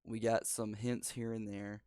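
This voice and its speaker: A man's voice: lowish voice, level tone, a little slow, mellow, smooth, no room sound. A teenage boy hosting a casual podcast chat, rambling and laid-back. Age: teens. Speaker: podcast host. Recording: dry home recording over spotty internet.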